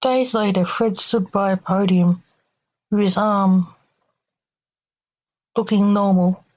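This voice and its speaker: A woman narrating a short story in a steady, unhurried reading voice. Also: medium pitch, muffled recording. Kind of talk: scripted narration.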